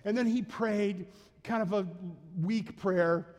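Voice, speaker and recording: A man's voice: high voice, slow pace, darkish tone, big-room sound. A man preaching a sermon as a pastor, in a conversational style that acts out quotes and asides. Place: church sanctuary.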